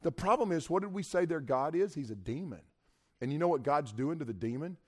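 A man preaching a sermon in a lively, colloquial way, retelling a scripture story and asking his listeners questions. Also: on the high side, brisk. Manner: animated, colloquial, speaks to listeners directly.

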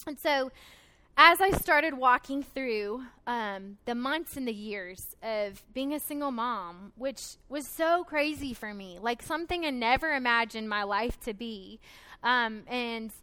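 A woman's voice: fairly high pitch, a little slow, sharp tone, clear, resonant tone. A young woman giving an earnest, emotional personal testimony at a conference, with frequent hesitations. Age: 20s. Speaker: conference speaker.

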